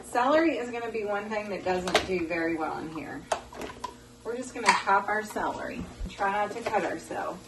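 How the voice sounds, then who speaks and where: A woman's voice: mid-range voice, expressive, moderate pace, very noisy. Woman hosting a home cooking vlog, chatty and folksy, recorded from across a roomy kitchen. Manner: chatty, folksy, talks to viewers as "y'all". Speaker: cooking show host. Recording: echoey kitchen, mic far off, loud kitchen clatter. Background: dishes and pans clattering.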